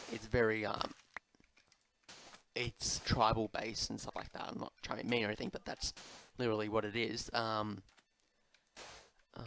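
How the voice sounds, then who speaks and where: A man's voice: mid-range voice, fairly bright tone, a little hiss or hum. A man giving casual gameplay commentary, answering viewer questions in a rambling, chatty way with lots of fillers and asides to his pet, at a desk microphone at home. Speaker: Minecraft YouTuber.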